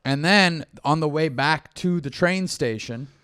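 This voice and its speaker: A man's voice: fairly high pitch, unhurried, a bit bright, smooth, no room sound, clean studio sound. A young man, a comedian co-hosting a casual talk show, telling a rambling anecdote and acting out both sides of the dialogue. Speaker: comedian podcast co-host. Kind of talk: casual storytelling chat.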